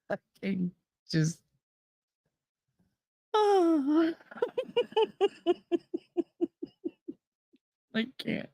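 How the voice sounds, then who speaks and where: A woman's voice: deep voice, darkish tone, dry recording, clean studio sound. A woman hosting a casual livestream, telling a funny memory and breaking into helpless laughter again and again. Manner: laughing helplessly through her story. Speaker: livestream host. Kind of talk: casual storytelling chat. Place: room at home.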